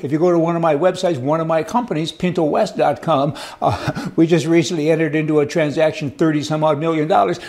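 Folksy, sarcastic man with a high voice. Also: creaky, darkish tone. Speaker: commentator. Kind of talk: opinionated political monologue.

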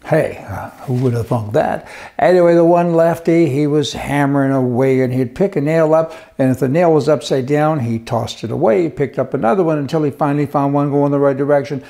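A middle-aged man delivers a casual political commentary monologue in a folksy, joking way. His voice sits a little high and sounds mellow and relaxed. He slips into mock voices with plenty of sarcasm. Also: fairly quick, gravelly. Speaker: commentary host.

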